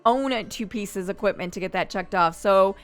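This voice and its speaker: A woman's voice: medium pitch, moderate pace, smooth, faint music behind. A woman hosting a gaming channel, chatting and thinking aloud as she plays. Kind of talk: casual Let's Play commentary.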